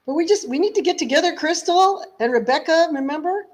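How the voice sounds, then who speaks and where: A woman singer being interviewed, telling stories in a lively, chatty way and laughing often. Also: very high voice, brisk. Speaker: singer guest. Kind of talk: casual interview chat.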